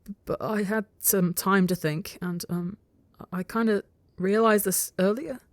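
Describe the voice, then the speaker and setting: A woman's voice: mid-range voice, fairly even intonation, a little slow, no room sound, pitched above the performer's own voice, natural voice. A woman voicing a shy, stammering young male insect-like creature who talks hesitantly and flustered.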